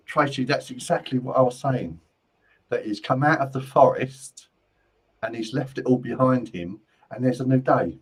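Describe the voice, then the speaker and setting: Brief: male medium hosting a live stream, mid-pitched, chatty and repetitive, stumbles over restarts. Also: normal speed, husky, poor audio. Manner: rambling, repeats phrases, stumbles on restarts. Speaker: spiritual medium and host. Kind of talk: live-stream psychic readings.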